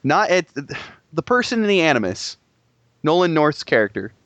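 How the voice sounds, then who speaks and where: Excitable young man ranting about games. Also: on the high side, moderate pace, dry recording. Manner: excitable, rambling, swears a lot. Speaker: gaming podcast co-host. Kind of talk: casual profane chat.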